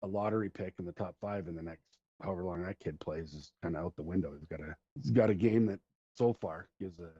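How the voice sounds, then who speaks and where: This middle-aged Canadian podcast host from Central Alberta talks fast in a deep, mellow, husky voice with no echo. He rambles through long stories in easygoing chat and laughs along, all on a dull lo-fi recording.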